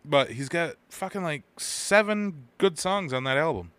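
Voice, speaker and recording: A man's voice: on the high side, animated, measured pace, few pauses, fairly bright tone, clean tone, no echo. A man with an Upper Midwest American accent, co-hosting a casual podcast and telling crude, rambling stories full of swearing. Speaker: podcast co-host.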